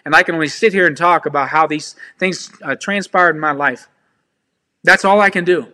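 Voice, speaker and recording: A man's voice: on the high side, normal speed, sharp tone. A man preaching informally, sharing personal testimony in an earnest, pleading way and speaking straight to his listeners. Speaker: ministry speaker.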